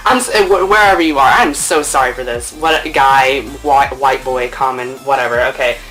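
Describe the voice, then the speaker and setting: Indoors at home, this storytime vlogger, a young woman, chats playfully to camera at a normal pace over faint background music. Her delivery is animated, loaded with fillers and curse words, and she performs quotes with dramatic leaps in her voice.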